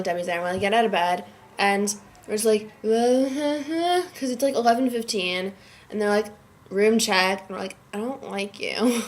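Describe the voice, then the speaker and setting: A teenage girl who is sick and tired, chatting casually to her webcam from a dorm room and filling every phrase with "like". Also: mid-range voice. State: sick and worn out. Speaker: vlogger. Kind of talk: casual chat to camera. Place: dorm room at a summer camp.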